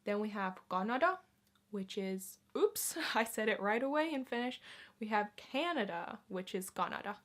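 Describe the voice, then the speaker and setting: A woman in her twenties hosting a casual language lesson, saying each word slowly and clearly several times for learners. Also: medium pitch, animated. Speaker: language teacher and channel host.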